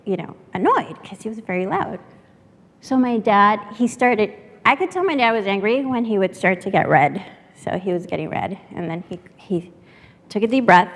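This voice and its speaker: A woman from San Antonio, a native Spanish speaker, lively and chatty as she tells stories to a workshop audience. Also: mid-range voice. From San Antonio, Texas. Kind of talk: storytelling to an audience. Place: workshop room. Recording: echoey hall.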